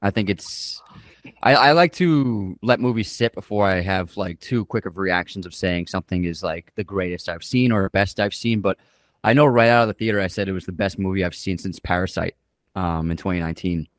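A man's voice: low-pitched, fairly quick, dry recording, clean studio sound. A man hosting a podcast, chatting casually and with enthusiasm about his favorite films. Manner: enthusiastic, loose, with filler words. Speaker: podcast host. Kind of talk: casual movie review chat.

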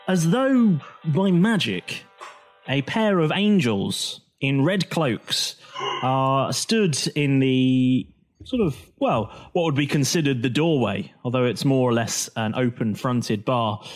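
A man running a tabletop game as dungeon master, narrating scenes and laughing often. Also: medium pitch.

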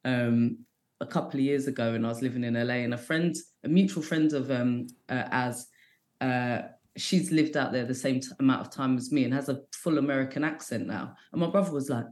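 A woman's voice: a bass voice, fairly quick, a little mellow. A British woman in her forties, a comedian guest chatting casually with lots of slang, swearing and fillers. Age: 40s. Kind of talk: casual chat.

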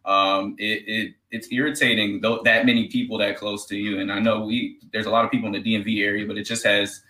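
A man's voice: on the low side, little pitch movement, brisk, bright, forceful tone. A man hosting a casual interview, easygoing and asking long, rambling questions. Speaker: podcast host. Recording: roomy echoey room.

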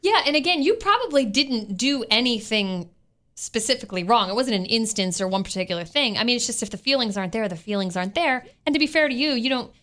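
A woman co-hosting a talk show, chatty and frank. Her voice is bright and forward, a touch higher than average. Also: animated, fast. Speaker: radio show co-host. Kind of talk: casual chat.

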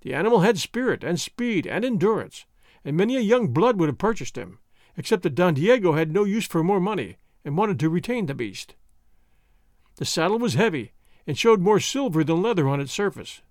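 A man narrating a classic adventure story in a theatrical, expressive manner. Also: sits high, a little fast, no room sound, studio quality. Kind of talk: scripted audiobook narration.

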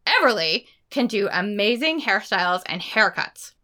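Woman, book podcast co-host, excited and animated, bright tone. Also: medium pitch. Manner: excited, fast-talking, expressive. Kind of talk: casual book chat.

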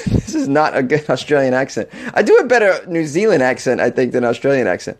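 A man's voice: medium pitch, big pitch swings, quick pace. A man hosting a comedic talk show, reading odd news stories aloud and joking with frequent laughs and stammered restarts. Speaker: host.

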